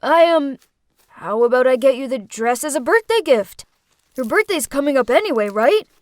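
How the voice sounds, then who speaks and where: A woman's voice: high-pitched, expressive, moderate pace, no room sound. A woman voicing a dorky, nervous teenage boy who stammers eagerly in a storytime video.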